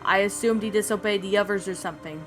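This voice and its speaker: A woman's voice: mid-range voice, quick pace, music in the background, lightly acted. A woman voicing a serious, grim teenage boy who leads a secret team. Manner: grim, calm, planning.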